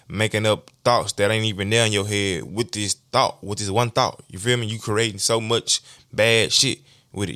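Fast-talking young man, low voice. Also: a bit bright, no room sound, studio quality. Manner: street slang, repeats "you feel me". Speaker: podcast host. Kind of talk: casual motivational monologue.

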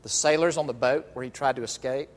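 A male pastor delivering an animated, emphatic sermon, drawing out key phrases. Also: mid-range voice, fast. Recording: long reverb of a large hall.

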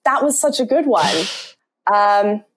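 A woman's voice: medium pitch, animated, measured pace, a little hiss or hum. A woman guest on a podcast in casual chat, hesitant with lots of fillers and easy laughter. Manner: hesitant, many fillers, giggly.

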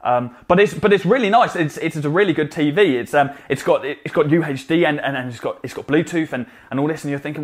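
A man's voice: on the high side, expressive, fast, hardly any pauses. A man giving direct, emphatic coaching advice in a vlog, often adding "okay?" to press a point. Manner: emphatic, repeats "okay?" to drive points home. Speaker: social media marketing coach.

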